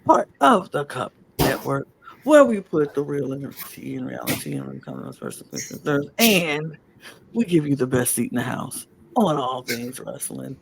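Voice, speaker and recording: Hoarse, raspy woman podcast host. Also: extremely low pitch, wildly swooping pitch, moderate pace, a little hiss or hum. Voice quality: husky, raspy. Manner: sassy, playful. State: hoarse, losing her voice. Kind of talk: casual podcast chat.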